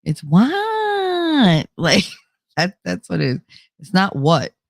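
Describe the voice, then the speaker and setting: A woman's voice: deep voice, unhurried, vocal fry, dry recording, clean studio sound. A woman with a New Jersey accent hosting a casual livestream chat, laughing often and going nasal at times. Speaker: host.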